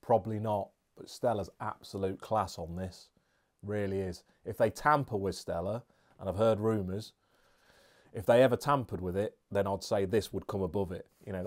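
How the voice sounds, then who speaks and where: A man's voice: fairly low pitch, moderate pace, a little mellow. A man reviewing beer and snacks in a casual, chatty, jokey vlog with rambling asides.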